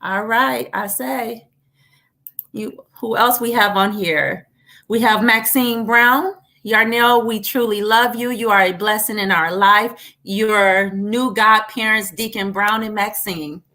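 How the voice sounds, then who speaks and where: A woman hosting a livestream interview, talking in an encouraging, animated way. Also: mid-range voice, slow pace. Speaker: host.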